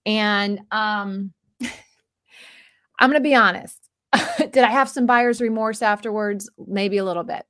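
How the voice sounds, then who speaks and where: Forties woman just rambling on, kinda self-deprecating, dry room, middle pitch. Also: unhurried, pauses often, fairly bright tone, no room sound. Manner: rambling and self-deprecating, with many restarts and fillers. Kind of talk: casual personal monologue.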